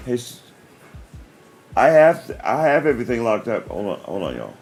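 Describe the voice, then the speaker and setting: A man's voice: mid-range voice, huge pitch swings, normal speed, pauses often, a little mellow, husky, soft background music. A man, hosting a casual livestream and telling a story with many restarts. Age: 40s. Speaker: livestream host.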